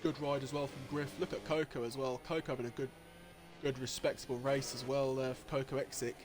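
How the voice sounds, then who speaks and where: A man giving live commentary on an online motorcycle race, getting excitable and jumping high at the overtakes, with race engine noise behind him. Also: brisk. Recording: noisy with engine sounds behind. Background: racing game engine noise.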